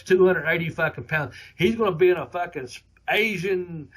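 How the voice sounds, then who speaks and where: A middle-aged man hosts a podcast and tells rambling stories, full of swearing. His voice is husky and sits somewhat high for a man. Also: a bit bright. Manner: rambling, heavily profane. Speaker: podcast host. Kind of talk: casual storytelling.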